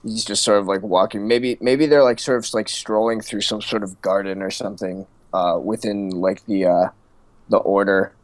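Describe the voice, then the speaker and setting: A man narrating his part in a story game in a halting way, full of fillers. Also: fairly low pitch, steady tone, no room sound. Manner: hesitant, halting, filler-heavy.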